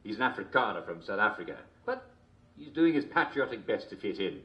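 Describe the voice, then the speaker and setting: A man's voice: lowish voice, sing-song, a little fast, bright, forceful tone. A man playing a jovial, constantly chuckling TV host, mock-cheerful and smarmy. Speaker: show host. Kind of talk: comedic character monologue.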